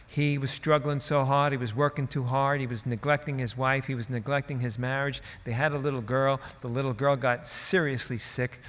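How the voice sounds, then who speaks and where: A man's voice: medium pitch, a bit bright, big-room sound. A male preacher telling a story in a sermon, in a conversational, folksy way with asides.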